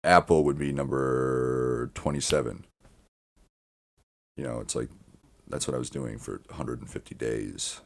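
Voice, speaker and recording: Very deep gravelly-voiced man rambling. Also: a little slow, pauses often. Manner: meandering, frequent restarts and swearing. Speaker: podcast host. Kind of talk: casual rambling monologue.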